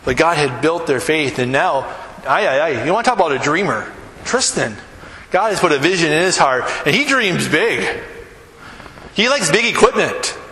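High, bright-voiced preacher man in an echoey hall. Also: normal speed, slight background noise. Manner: animated, acts out little scenes and quizzes the congregation. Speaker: pastor. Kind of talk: sermon. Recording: echoey hall with long reverb.

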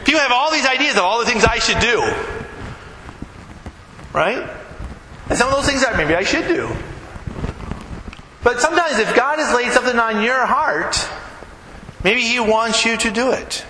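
Guy pastor preaching in church, highish voice, roomy echo, kinda noisy. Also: expressive, moderate pace, pauses often, pushed and bright. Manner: conversational preaching with quoted dialogue, emphatic rising peaks. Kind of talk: sermon. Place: church sanctuary. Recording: echoey hall, background noise.

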